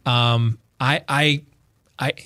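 This talk show host has a medium-pitched voice and draws out his words. In loose, casual banter he spins animated stories, often stammering and restarting his sentences.

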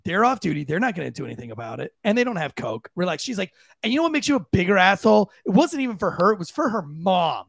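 A man co-hosting a podcast, telling a story in a casual, animated way and jumping into high voices for the people he quotes. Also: quick pace, gravelly, few pauses, no room sound. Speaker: podcast co-host.

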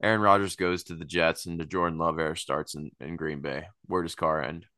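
A man's voice: low voice, steady tone, fairly quick, bright, forceful tone, no echo, studio quality. A man hosting a sports podcast, chatting casually and rambling, often laughing at his own jokes. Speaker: podcast host.

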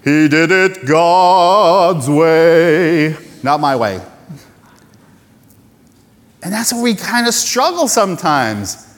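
A male pastor delivers a sermon in a chatty, self-deprecating way, his voice sitting a little high and swinging widely in pitch. He acts out quick little voices between points. The sound rings with the long echo of a church hall. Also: animated.

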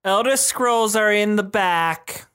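A brisk woman librarian who answers short and sharp, high-pitched and set back from the mic, as a man puts her on in his game video. Music plays behind her. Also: clear, resonant tone, full character voice. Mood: curt. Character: curt woman librarian at the desk.

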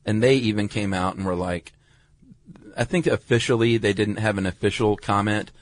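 A man's voice: on the low side, fairly even intonation, normal speed, dry recording. A man co-hosting a podcast in casual chat, making wry, dry asides. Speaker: podcast co-host.

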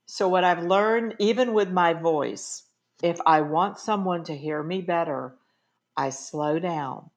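A middle-aged woman speaks as a guest author in a conversational interview. Her voice sits fairly low, and she talks in an earnest, emphatic way, stressing her points as she gives advice. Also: a little slow.

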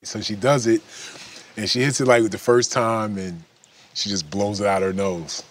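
Interview subject: middle-aged man, very low voice, animated storyteller, laughs easily. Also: normal speed. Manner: animated storyteller, laughs while telling stories. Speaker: interviewee, former pro basketball player turned cannabis entrepreneur.

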